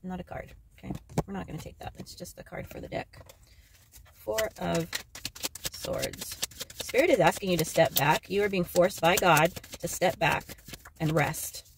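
A woman giving a casual tarot card reading to camera, excitable and joking, swearing freely as she talks to her viewers. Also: fairly low pitch, normal speed, gravelly, noisy background. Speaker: tarot reader.

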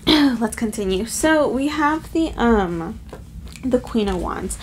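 A woman's voice: a little high, animated, slow, a little hiss or hum. A woman giving a casual pick-a-card tarot reading, chatty and emotional, with lots of filler words. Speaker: tarot reader.

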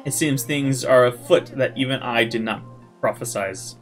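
A man voicing a flamboyant, smug male prophet in a game playthrough, with a broken mock French accent and a showy, drawn-out delivery. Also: medium pitch, soft background music, close to an everyday voice. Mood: smug, theatrical.

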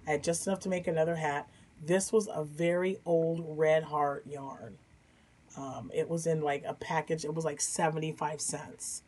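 A woman's voice: deep voice, fairly even intonation, moderate pace, a little mellow, husky. A woman hosting a crochet vlog from home, chatty and enthusiastic, rambling about her projects with a Midwestern American accent. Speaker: crochet podcast host. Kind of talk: casual chat. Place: home room.

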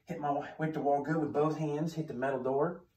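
A man's voice: fairly high pitch, fairly even intonation, fairly quick, a little mellow. A male defensive tactics instructor telling a story as a lesson, plain-spoken, asking questions and answering them himself. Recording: echoey room.

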